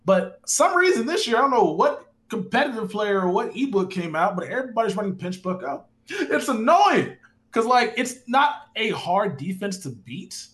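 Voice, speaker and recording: A man in his twenties chatting casually on a live stream, animated and rambling, swearing now and then. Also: high-pitched, normal speed, hardly any pauses. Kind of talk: casual live-stream chat about a football video game.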